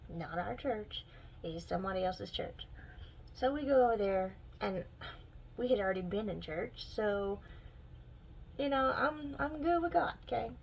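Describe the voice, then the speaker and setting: Young woman, casual vlog storyteller, animated and fed-up, gravelly fry in the voice. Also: normal speed, long pauses, slight background noise, low-quality recording. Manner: animated, exasperated storytelling with sudden pitch jumps. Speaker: vlogger.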